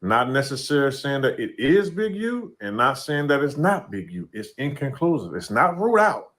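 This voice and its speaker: Man, mid-pitched voice, relaxed, conversational, AAVE speech, podcast commentary. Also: moderate pace. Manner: laid-back, conversational, says "you know what I'm saying".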